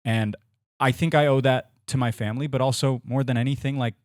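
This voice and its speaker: A man's voice: medium pitch, steady tone, brisk, a little mellow, no echo, studio quality. A young man, a sports commentator, talking earnestly in a casual podcast interview, thinking aloud with frequent restarts.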